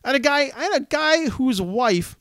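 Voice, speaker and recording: A man co-hosting a podcast, telling stories in an animated, swearing, casual way. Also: very high-pitched, moderate pace, smooth, no room sound, clean studio sound. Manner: animated storyteller, swears freely. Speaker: podcast co-host. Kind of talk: casual chat.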